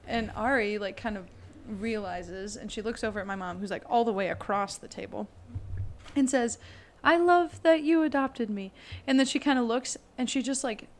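A woman in her twenties, a podcast co-host, telling family stories in casual chat, animated and laughing often as she acts out quotes. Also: medium pitch, moderate pace.

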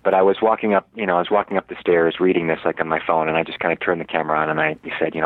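Low-voiced man rambling through a story. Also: level tone, racing, hardly any pauses, dry recording. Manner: rambling, with many fillers and restarts. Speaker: actor, interview guest. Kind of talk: casual storytelling in an interview. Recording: dry, tinny, phone-like radio audio.

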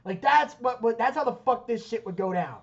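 A man's voice: extremely high pitch, brisk, creaky, lo-fi sound. A man hosting a podcast, telling stories in casual chat, acting out other people's lines and swearing freely. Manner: animated storyteller who acts out quotes, swears freely. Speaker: podcast co-host.

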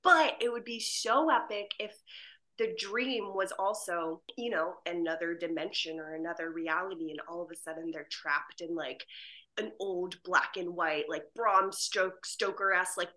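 Bright, giggly actress chatting. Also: female voice, on the low side, moderate pace. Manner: giggly, animated storytelling. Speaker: actress, interview guest. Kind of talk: casual interview chat. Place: home video call.

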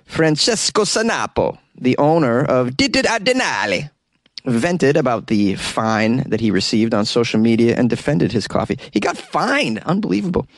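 Dude hosting a talk radio show, sarcastic and chatty, dead dry studio mic. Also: male voice, medium pitch, sing-song, normal speed, no room sound. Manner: wry, chatty, sarcastic asides. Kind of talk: casual commentary on news stories.

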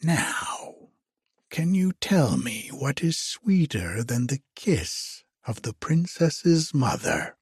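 A man's voice: mid-range voice, big pitch swings, slow pace, a little mellow, slightly rough, no room sound, voice pushed up, heavily acted. Cruel old storybook witch, hissing and menacing, dry close sound; a man reads her. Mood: taunting.

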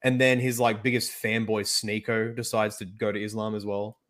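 A man's voice: on the low side, level tone, normal speed, a bit bright. A man giving his views emphatically in a casual group discussion. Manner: opinionated, emphatic.

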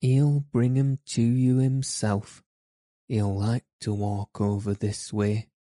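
A man's voice: fairly low pitch, flat delivery, takes it slowly, mellow, dry recording, studio quality. A man doing a plain-spoken maid. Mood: cheerful. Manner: broad dialect, homely. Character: young Yorkshire maid, cheerful and plain-spoken.

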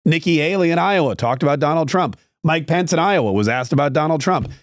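A man's voice: on the high side, animated, a little fast, dry recording, studio quality. A man hosting a political podcast, giving sarcastic, rambling opinion commentary with frequent restarts.

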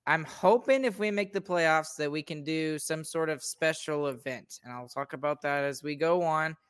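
Smooth-voiced man hosting a sports podcast. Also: a little high, moderate pace, a bit bright. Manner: upbeat, pleading sign-off banter. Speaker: podcast host. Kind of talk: casual sports podcast chat.

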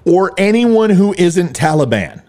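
A man's voice: high-pitched, very animated, measured pace, darkish tone. Heated sarcastic man ranting. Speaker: political commentary host. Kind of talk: ranting political commentary.

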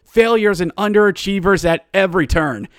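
A man's voice: sits high, normal speed, clear, resonant tone, no room sound, studio quality. A man hosting a solo sports podcast, mocking and ranting, rising into exasperated outbursts. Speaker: podcast host. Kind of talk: sarcastic solo sports commentary.

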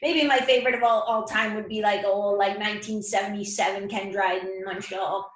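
A woman guest in a casual interview, an animated storyteller who laughs often. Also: mid-range voice, a little fast. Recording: roomy echo.

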